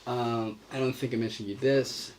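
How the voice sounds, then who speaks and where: A man with a medium-pitched, steady, slightly mellow voice speaks at a moderate pace during a casual drawing livestream. He thinks aloud about his animation and reads the chat, with slight background noise present.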